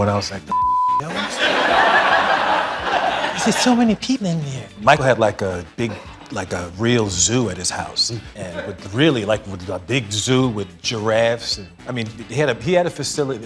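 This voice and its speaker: A man telling a casual anecdote on a talk show with animated delivery and laughter. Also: fairly low pitch.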